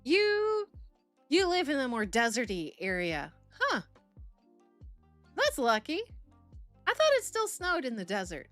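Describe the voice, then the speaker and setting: A woman's voice: sits high, huge pitch swings, a little slow, pauses often, fairly bright tone, no echo, faint music behind. A young adult woman streaming live, chatting casually with her chat in a rambling way and laughing often. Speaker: streamer reacting to videos and reading chat.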